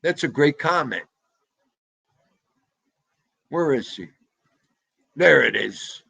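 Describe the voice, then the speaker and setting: A man hosts a casual livestream from home, talking loudly and greeting viewers by name. His voice is husky and unhurried. The sound is dry and a little dull. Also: mid-range voice, no echo. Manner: animated, talks loudly, greets chatters by name. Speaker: livestream host. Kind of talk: casual livestream chat reading comments. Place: home room.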